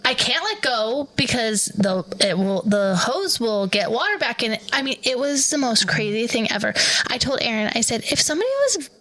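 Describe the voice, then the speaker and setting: A woman's voice: a little high, animated, normal speed, fairly bright tone, low-quality recording. A woman in her thirties, a podcast co-host, animatedly retelling a story in casual chat and acting out the quoted voices.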